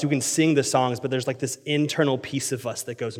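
A man in his thirties preaching a sermon, telling a story with animated swings from loud excitement to quiet intensity. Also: medium pitch, moderate pace. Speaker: pastor. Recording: long hall reverb.

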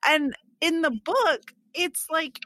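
A woman co-hosting a casual chat about a book and its movie, telling the story with animated bursts as she acts out characters' lines. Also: sits high, slow, no room sound, poor audio. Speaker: podcast co-host.

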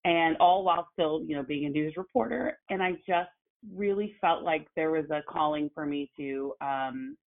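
A woman, an actress and journalist, telling her story as a guest in a casual conversation, animated and full of fillers. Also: low-pitched, normal speed. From Oklahoma. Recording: phone-like narrow sound.

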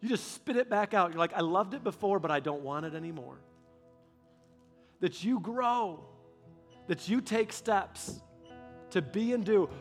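Woman, church leader, devotional teaching, chatty and animated, faint music behind. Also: on the low side. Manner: conversational, animated storytelling.

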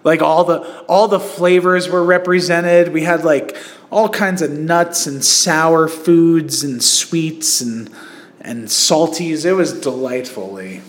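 A man's voice: a little high, slow pace. A man hosting a podcast, telling stories in a loose, rambling way with lots of fillers, restarts and laughter. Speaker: podcast host. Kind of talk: casual chat.

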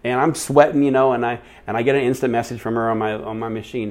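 A man's voice: medium pitch, fast talker. A man speaking at church, telling a personal story in a sermon and acting out the people he quotes. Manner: animated, acts out quoted voices.

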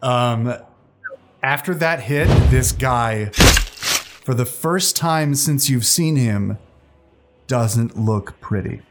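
A man running a tabletop game as game master, relaxed and often laughing. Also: mid-range voice, very slow, pauses often, faint music behind.

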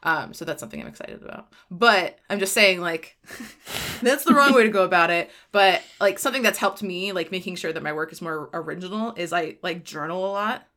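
A woman hosts a podcast in loose, rambling chat, her voice pitched a bit low but with a bright, forceful edge. She laughs easily, swears casually and fills her talk with "like". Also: brisk. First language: Spanish. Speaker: podcast host.

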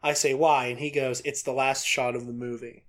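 A man co-hosting a podcast, reading a news story aloud in a casual, excitable way, laughing often and swearing casually. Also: medium pitch, normal speed. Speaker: podcast co-host.

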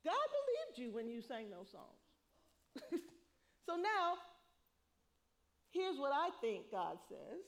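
A middle-aged woman preaching a sermon, lively, laughing often and acting out what people say. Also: high voice, slow, pauses often.

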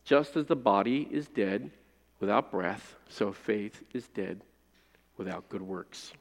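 A man preaching a sermon as pastor, reading scripture and praying, rising to loud emphasis and dropping to hushed phrase endings. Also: on the low side, sing-song, unhurried. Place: church sanctuary. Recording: long reverb of a large hall.

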